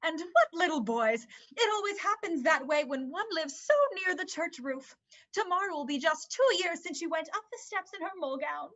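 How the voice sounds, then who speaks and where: A woman's voice: extremely high pitch, expressive, moderate pace, a bit bright, heavily acted. A woman voicing a flustered, fussing mother in an amateur online play reading, evasive and bustling. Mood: coaxing. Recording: dull lo-fi sound.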